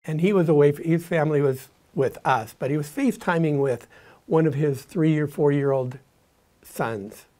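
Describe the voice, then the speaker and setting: A man's voice: on the high side, moderate pace, warm tone. An older man, a grandfather, telling plainspoken stories in a conversational, reflective way. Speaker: grandfather sharing parenting advice. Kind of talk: reflective storytelling talk.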